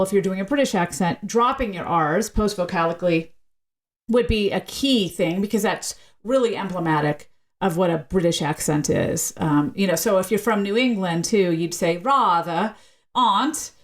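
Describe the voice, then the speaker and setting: A woman from the American South, a linguist guest in a podcast interview, giving articulate, lecture-like explanations and often checking in with "right?". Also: medium pitch.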